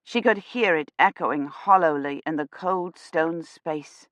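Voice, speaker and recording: A woman narrating an audiobook in a hushed, suspenseful storytelling manner. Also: sits low, a little slow, no echo. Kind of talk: scripted narration.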